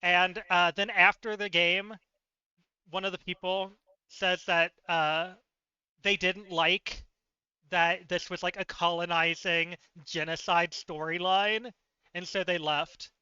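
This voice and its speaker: High, sharp-voiced man chatting animatedly. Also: slow, clear, resonant tone, no room sound, dull audio. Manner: chatty and animated, laughs often, many fillers. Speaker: livestreamer. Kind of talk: casual storytelling chat.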